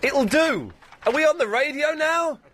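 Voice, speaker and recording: A man's voice: very high-pitched, expressive, a little slow, fairly bright tone. A man hosting a live radio show in a radio studio, jokey and loose in his chat. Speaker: radio host.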